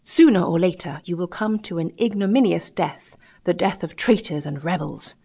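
A woman's voice: fairly low pitch, lively intonation, normal speed, creaky, warm tone, slightly rough, exaggerated voice. A woman reading an audiobook, voicing a proud male ship captain who speaks in a firm, formal way. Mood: firm protesting.

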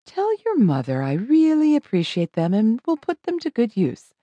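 A woman voicing a kindly, composed older woman who speaks gently and motherly. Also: on the high side, huge pitch swings, normal speed, no echo, muffled recording. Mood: gracious.

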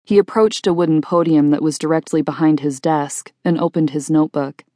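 A woman narrating a first-person audiobook in a plain, steady storytelling manner. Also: sits low, brisk, dry recording, studio quality.

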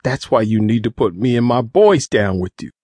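A man voicing a cocky, scheming teenage street boy who talks quick and pushy. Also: medium pitch, lively intonation, a little mellow, slightly rough, no room sound. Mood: urgent.

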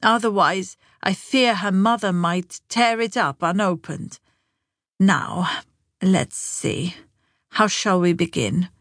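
Brief: woman reading as a stubborn, frail grandmother of ninety; flat, unhurried delivery. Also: fairly low pitch, no echo, clean studio sound. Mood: blunt, determined. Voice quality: flat, slow, deliberate. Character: blunt, frail ninety-year-old grandmother.

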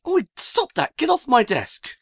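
A weary young man losing patience, his pitch leaping up and down as he scolds, as a woman narrator plays him. Dry and close to the mic. Audiobook character work. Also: huge pitch swings, normal speed, no room sound. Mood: exasperated. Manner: exasperated, grumbling. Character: exasperated young man, demon's master.

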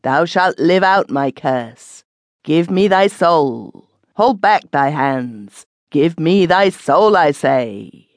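A woman voicing a grizzled, cursed old man who speaks slowly and heavily, commanding and menacing. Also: low voice, expressive, no room sound, exaggerated voice.

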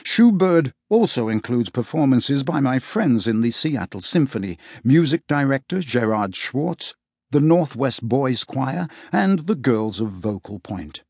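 Brief: male family-audiobook narrator, animated delivery, slightly husky tone. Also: medium pitch, measured pace, dry recording, studio quality. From England. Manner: lively, playful storytelling.

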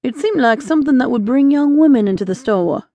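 A woman reading an audiobook, voicing a kindly, cautious older male shopkeeper in a gentle, fatherly way. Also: high-pitched, expressive, brisk, dry recording.

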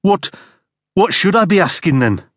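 A man's voice: sits high, big pitch swings, drawn-out words, husky, dry recording, clean studio sound, voice pushed up, heavily acted. A man voicing a cocky, defensive young petty criminal, his voice raised and agitated. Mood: frightened.

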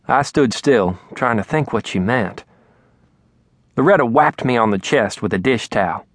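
A man narrating an audiobook in a soft, even storytelling voice. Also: medium pitch, normal speed, husky, dry recording, clean studio sound. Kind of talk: scripted narration. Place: recording studio.

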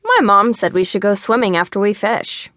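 A woman's voice: mid-range voice, normal speed, a bit bright, dry recording, studio quality, close to an everyday voice. A woman voicing a cheeky young boy who teases his friend. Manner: teasing, playful.

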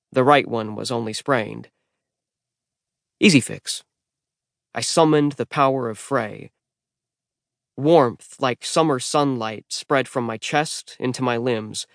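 Casting male audiobook narrator, mid pitch, wry deadpan read, dry booth. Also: no echo. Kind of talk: first-person scripted narration. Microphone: close studio mic. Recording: dry studio recording.

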